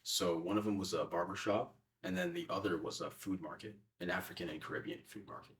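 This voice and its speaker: A man's voice: low-pitched, big pitch swings, fairly quick, a bit bright, distant mic. A young man answering interview questions in a casual, hesitant way with many fillers. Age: young adult.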